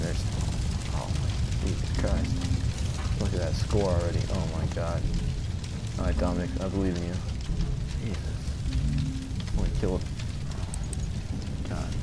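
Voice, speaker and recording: A man giving panicky, mock-dramatic let's play commentary, swearing as he plays. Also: low-pitched. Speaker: gamer. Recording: loud gunfire game audio behind.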